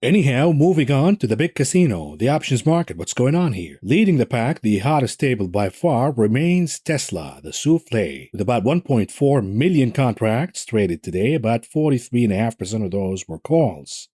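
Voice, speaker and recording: A man gives a market rundown in a mellow, warm voice, dropping sarcastic jokes between the numbers. He is recorded close to the mic in a dry studio with little room sound. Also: mid-range voice, very animated, moderate pace, few pauses, husky, no echo. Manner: sardonic, mocking asides and jokes. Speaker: market commentator. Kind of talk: solo market recap commentary.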